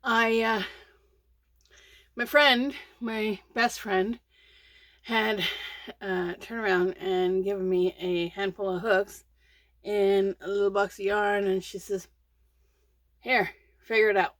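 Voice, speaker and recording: In a laid-back crochet vlog, a middle-aged woman drifts sleepily, yawning and rambling with many fillers and restarts. Her medium-pitched voice is steady and a bit bright, slow with long pauses and no echo.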